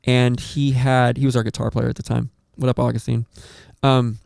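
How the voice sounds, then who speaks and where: A man hosting a podcast, telling a story in a rambling, animated way with lots of swearing and acted-out quotes. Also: medium pitch, moderate pace, creaky, clear, resonant tone, dry recording, clean studio sound. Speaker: podcast host. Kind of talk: casual storytelling chat.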